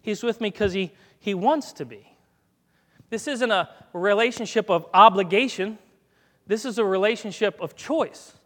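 A man's voice: high-pitched, moderate pace, a bit bright, in a large hall. A man giving a chatty, folksy sermon and calling commands to a dog as he speaks. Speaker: guest preacher. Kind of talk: conversational sermon with live dog demonstration. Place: church sanctuary.

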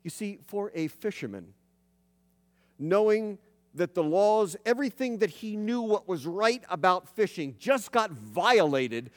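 A male pastor preaching a sermon in a conversational, storytelling way, slowing down for emphasis. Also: sits high, expressive. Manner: conversational storytelling, dramatic slowdowns. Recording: long reverb of a large hall.

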